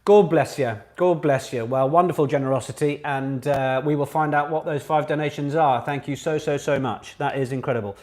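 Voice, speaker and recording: A man hosting a live online pub quiz for charity, chatty and animated, breaking into sung quote answers now and then. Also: on the high side, a little fast, hardly any pauses.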